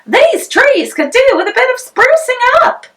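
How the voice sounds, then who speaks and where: Woman putting on a shrill, fussy house-proud mother. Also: big pitch swings, a little slow, fairly bright tone, heavily acted. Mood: prim fussy. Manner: prim, high and shrill.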